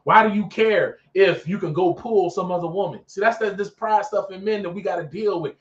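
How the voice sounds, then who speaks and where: A man's voice: high-pitched, brisk. A man hosting a talk show, preaching casually and animatedly, repeating phrases for emphasis, recorded in an office. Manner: animated, acts out characters in skits. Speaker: podcast host. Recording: echoey room, dull sound, mic at a distance.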